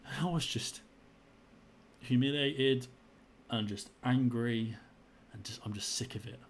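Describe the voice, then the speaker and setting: A man's voice: medium pitch, measured pace, a little hiss or hum. Frustrated young Englishman. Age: young adult. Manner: frustrated, indignant retelling with repeated phrases. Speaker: vlogger. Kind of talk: personal story to camera.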